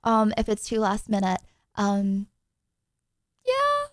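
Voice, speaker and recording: A woman streamer chatting casually with viewers, excitable and rambling, often apologizing. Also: sits high, normal speed, no room sound.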